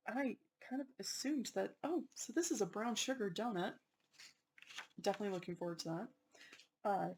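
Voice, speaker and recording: Excitable woman chatting through an unboxing. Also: mid-range voice, a little hiss or hum, poor audio. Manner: excitable, apologetic, chatty with frequent laughs. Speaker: unboxing channel host. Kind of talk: casual unboxing chat.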